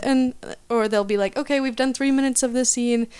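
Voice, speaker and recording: A woman's voice: fairly high pitch, steady tone, a little fast, clean tone. A young woman chatting as a podcast guest, giggly and rambling, with many likes and ums. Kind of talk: casual podcast chat.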